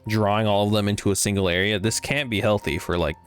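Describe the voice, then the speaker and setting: A man's voice: fairly low pitch, steady tone, fast, smooth. A man streaming a game, rambling and joking with casual, profane commentary.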